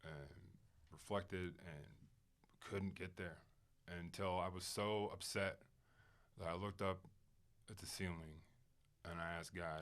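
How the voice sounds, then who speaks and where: Emphatic, candid man, fairly low voice. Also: slow, long pauses. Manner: emphatic, swings from loud and animated to quiet and reflective; swears casually, lots of fillers. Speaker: podcast guest, physician. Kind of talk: candid conversational interview.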